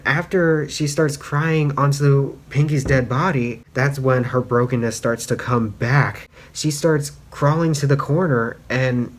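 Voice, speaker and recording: A man talks through a story in a loose, casual review, piling on fillers as he goes. His voice sits at a middling pitch and his retelling runs excitable and rambling. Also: a little slow, few pauses. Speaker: fanfic reviewer.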